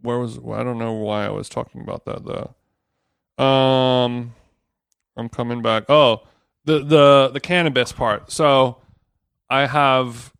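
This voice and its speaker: Smooth-voiced man rambling casually. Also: mid-range voice, fairly even intonation, slow, a bit bright, dry recording, clean studio sound. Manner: rambling, profane, self-interrupting. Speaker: podcast co-host. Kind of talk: casual chat. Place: villa in the countryside.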